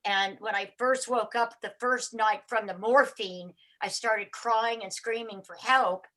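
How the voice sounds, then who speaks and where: An older woman telling her own recovery story on a live talk show, acting out what people said and sometimes crying out loudly. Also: fairly high pitch, steady tone, a little slow. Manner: acts out her own cries and other people's voices, getting loud and shouty.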